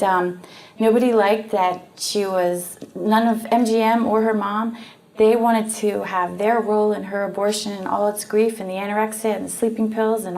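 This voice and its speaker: A woman with a Canadian accent, earnestly explaining and telling a story in a casual, conversational way, with frequent pauses and fillers. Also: medium pitch, a little mellow. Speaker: guest speaker on post-abortion trauma.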